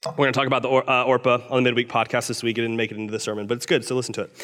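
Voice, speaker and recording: A male pastor preaching in a middle-pitched voice that lifts sharply when he quotes and drops quiet to drive a point home. The sound carries a long reverb, as in a large hall. He speaks to a congregation in an earnest, animated way. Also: very fast. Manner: expressive preaching with rising intensity on quoted lines. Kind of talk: sermon.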